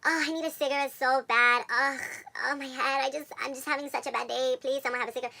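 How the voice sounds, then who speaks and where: A frazzled old lady who pleads and flatters in a breathy, high voice, as a man puts her on for a story. Her tone is bright and sharp. She sounds a little distant from the mic. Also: quick pace, slight background noise, exaggerated voice. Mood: pleading. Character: pleading frazzled old woman begging for a cigarette.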